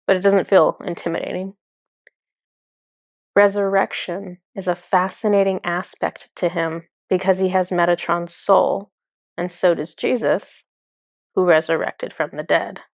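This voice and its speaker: A woman's voice: on the low side, steady tone, a little slow, gravelly, no echo, clean studio sound. A woman speaking as a spiritual channeler in a casual, enthusiastic monologue full of fillers. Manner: chatty, filler-heavy, enthusiastic.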